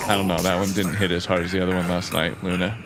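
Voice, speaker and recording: A man hosting a casual gaming live stream, chatty and excitable, laughing often and reading chat messages aloud. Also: deep voice, fast talker, background noise. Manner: swears casually, lots of "like".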